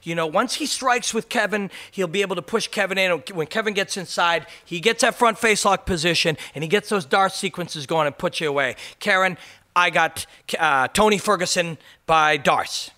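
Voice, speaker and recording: A man's voice: high-pitched, normal speed, pushed and bright, voice pushed up. A man imitating an upbeat male fighter-turned-TV analyst, rattling off striking and grappling talk. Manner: smooth studio analysis with fight jargon.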